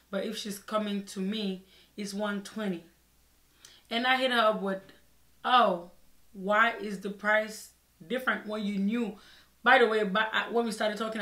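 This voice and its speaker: A young woman vlogger telling a personal story in a casual, expressive way, acting out her own side of the conversations. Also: medium pitch. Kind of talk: storytime vlog. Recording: echoey room.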